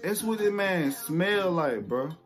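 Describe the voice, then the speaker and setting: Animated, profane young man telling a story. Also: high voice, slow pace, soft background music. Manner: animated, profane, acts out quotes. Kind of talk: casual storytelling.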